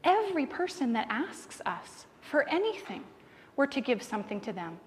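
A woman in her thirties, voice sitting high at a normal speed, gives a sermon full of family stories, lively as she acts out what people said. The setting is a church sanctuary, recorded with reverb and faint room noise.

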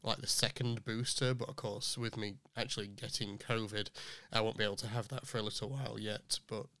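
A young man hosting a podcast, chatting casually and rambling with fillers, his voice still a little rough from recent illness. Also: lowish voice, fairly even intonation, fairly quick, pushed and bright, no room sound. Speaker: podcast host. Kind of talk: casual chat.

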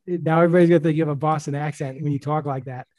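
A man hosting a casual baseball podcast, chatting in a relaxed way with lots of fillers. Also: a little high, very fast, dry recording. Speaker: podcast host.

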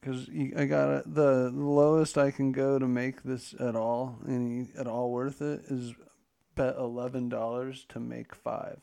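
A man's voice: medium pitch, flat delivery, measured pace, vocal fry, warm tone. A man co-hosting a casual podcast, talking loosely and joking, swearing now and then. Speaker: podcast co-host. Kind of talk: casual chat.

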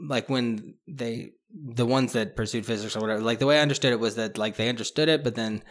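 A man chatting casually about a book, rambling with many restarts and fillers, and growing animated as he goes. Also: medium pitch, fast. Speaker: podcast co-host discussing a book. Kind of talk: casual chat.

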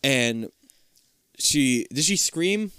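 A man's voice: mid-range voice, drawn-out words, smooth, dry recording, studio quality. A man casually retelling a show episode on a podcast, swearing and acting out the characters' lines. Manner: animated storyteller, swears, acts out lines. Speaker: podcast co-host.

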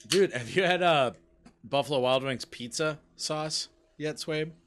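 A man co-hosting a casual gambling stream, loud and rambling, swearing freely as he chats with friends. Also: a little high, a little slow. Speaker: podcast co-host. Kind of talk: casual banter while playing slots.

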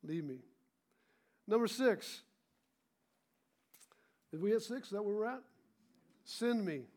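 High-voiced male pastor preaching. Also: expressive, slow pace, darkish tone. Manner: storytelling, calls for congregation responses. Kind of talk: sermon.

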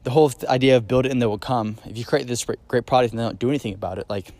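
A man's voice: mid-range voice, fairly even intonation, rapid-fire, a little mellow, dry recording. Male podcast host, solo monologue; casual, filler-heavy, eager emphasis on key points. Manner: casual, rambling, many fillers and restarts.

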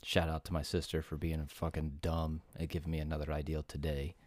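A man's voice: a bass voice, brisk, dry recording. A man co-hosting a casual podcast, telling stories animatedly with swearing and mocking asides. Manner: animated storyteller, swears, rises into mocking quotes. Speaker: podcast co-host.

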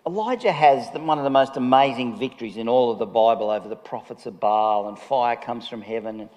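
A man preaching in a relaxed, joking way, laughing at his own stories between points. His voice sits at an ordinary middle pitch. It carries with a long reverb, as if from a large church hall. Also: brisk. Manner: jokey, chatty, laughs often. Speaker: pastor. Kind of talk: conversational sermon.

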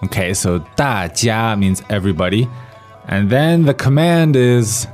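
A man's voice: on the low side, measured pace, a little mellow, faint music behind. A man hosting a language lesson podcast, explaining in a friendly way. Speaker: podcast host.

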